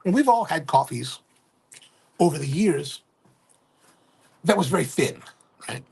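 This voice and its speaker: Middle-aged male livestream host, gravelly and husky, casual rambling talker who self-corrects. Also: on the high side, expressive, a little slow, darkish tone. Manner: rambling, self-correcting, keeps asking "right?". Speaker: livestream host and coffee retailer.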